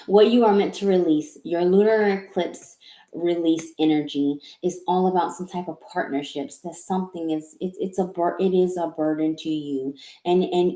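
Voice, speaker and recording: In an echoey room, a woman with a mellow, lowish voice gives a tarot reading over a live stream. She stammers and repeats herself, coming across as emotional and apologetic.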